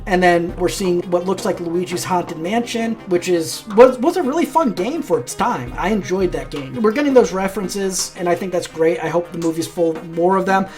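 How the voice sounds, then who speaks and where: Low-voiced chatty opinionated woman. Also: expressive, moderate pace, hardly any pauses, darkish tone, faint music behind. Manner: opinionated and chatty, with frequent restarts. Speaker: video commentary host. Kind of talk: casual opinion commentary.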